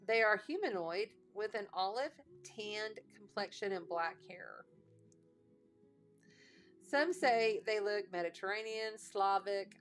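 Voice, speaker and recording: A woman's voice: medium pitch, a bit bright. A woman with a Texas twang, giving a casual, encouraging card reading with playful asides to her viewers. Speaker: astrologer and card reader.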